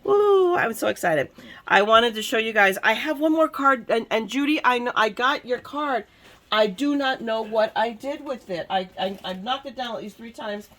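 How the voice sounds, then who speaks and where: A woman crafting vlogger chatting excitedly to viewers about the mail she got, bubbly and gushing. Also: a little high, normal speed. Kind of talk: excited casual happy-mail chat.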